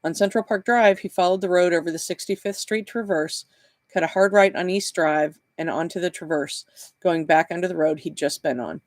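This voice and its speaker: A man, the author, reading his novel aloud in a live session with steady, plain narration. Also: high voice, a little fast, no echo.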